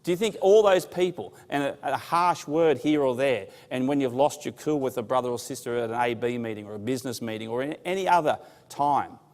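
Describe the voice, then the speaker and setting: A man's voice: medium pitch, a little fast, few pauses, darkish tone. A man giving a bible class, telling stories with humor and asking the audience questions. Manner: conversational storytelling with humor. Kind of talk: informal bible class talk. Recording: long hall reverb.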